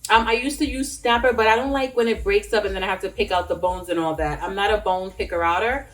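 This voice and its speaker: A woman's voice: mid-range voice, fast. A young woman chatting casually while she cooks in a home kitchen, rambling with fillers and restarts. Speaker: cooking vlogger. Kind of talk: casual cooking chat. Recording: roomy sound from a distance.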